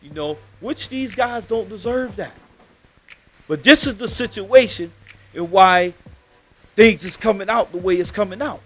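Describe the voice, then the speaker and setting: A man's voice: high voice, a little slow, a bit bright, faint music behind. A man, telling a heated story on a live podcast from a studio and swearing often.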